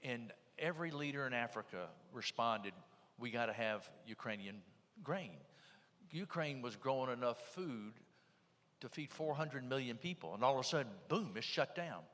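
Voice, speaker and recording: A man's voice: medium pitch, lively intonation, normal speed, fairly bright tone, in a large hall. A man with a Southern US accent telling stories at a panel in a plainspoken, emphatic way. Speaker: panel speaker. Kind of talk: folksy storytelling.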